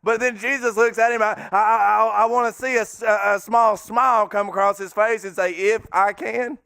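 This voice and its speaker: A man with a high, gravelly voice preaches a sermon in a church. He speaks fervently in folksy, down-to-earth phrasing and now and then breaks into a shout. The sound is close and dry. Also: steady tone, a little fast, no room sound. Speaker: pastor. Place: church sanctuary.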